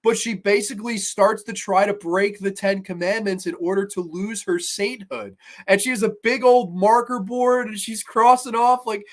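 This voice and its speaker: A man hosting a horror podcast, casually reviewing episodes with excited, profane chatter. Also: high-pitched, normal speed. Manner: excitable, profane, laughs while retelling.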